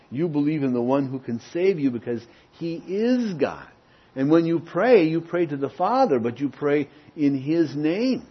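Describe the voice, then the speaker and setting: A man with a husky, slightly rough voice preaches a teaching sermon. He leans hard on key words and then sinks into soft, low asides, often checking in with "Okay?". The recording sounds dull and lo-fi. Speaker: pastor.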